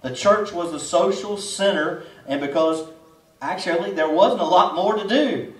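A man's voice: high voice, unhurried. A man preaching a sermon at a drive-in church service, folksy and conversational, full of rhetorical questions. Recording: roomy echo, distant mic.

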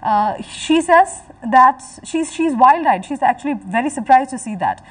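A woman giving a literature lecture, explaining slowly and repeating her phrases, and acting out lines from the text. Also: sits high, animated, a bit bright, distant mic, poor audio. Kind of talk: recorded lecture.

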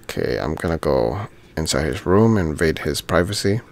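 A man's voice: very deep voice, lively intonation, normal speed, creaky, dry recording. A man giving casual commentary while playing a video game, thinking aloud and easily delighted by small things. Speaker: gaming channel host.

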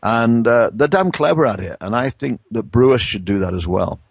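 A middle-aged man with an English accent, a brewing science professor explaining things in a conversational interview, pausing and restarting often. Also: mid-range voice, lively intonation, gravelly, husky, dry recording. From England. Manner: hesitant, many restarts and fillers.

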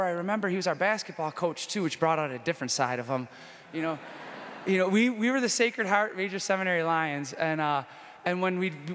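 High-voiced priest, echoing hall. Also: male voice. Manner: lively storytelling, shifts between loud enthusiasm and hushed intimacy. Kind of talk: conference talk, personal testimony. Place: conference hall. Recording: long hall reverb.

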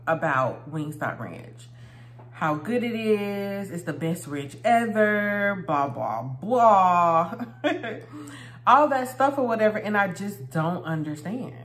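A woman's voice: lowish voice, roomy sound. A married woman chatting casually while eating for a mukbang video, laughing often and recording on her phone indoors. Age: adult, married. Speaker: vlogger.

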